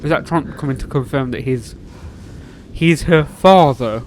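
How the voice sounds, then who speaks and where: A man hosting a reaction video, excitable, swinging between shouts and mutters as he reacts to a series. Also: mid-range voice, unhurried, slight background noise.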